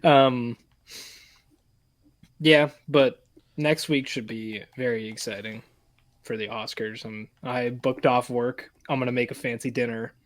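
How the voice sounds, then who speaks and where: A man's voice: medium pitch, steady tone, measured pace, pauses often. A young man, co-hosting a podcast in loose, profane casual chat and laughing often. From Canada. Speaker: podcast co-host.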